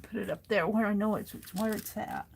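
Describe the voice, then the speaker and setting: A woman's voice: medium pitch, fairly even intonation, fairly quick, vocal fry, a little mellow, slight background noise. A woman hosting a casual crafting livestream, talking herself through each step as she works and reading viewers' comments aloud.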